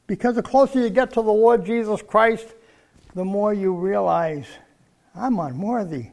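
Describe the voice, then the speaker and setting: Older male preacher, gravelly, folksy conversational sermon. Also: high-pitched. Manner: folksy, conversational Bible teaching.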